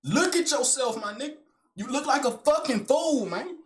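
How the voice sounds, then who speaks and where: A man playing his own calm inner voice in a comedy sketch, talking someone down with slow, low scolding. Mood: soothing, scolding.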